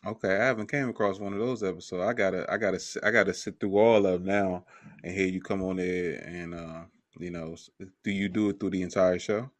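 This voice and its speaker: A deep-voiced man hosting a casual podcast interview. He talks in a laid-back, joking way, with loose filler phrases. The sound is dry and close. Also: fairly even intonation, brisk, no echo. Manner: laid-back, joking, lots of "you know". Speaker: podcast host.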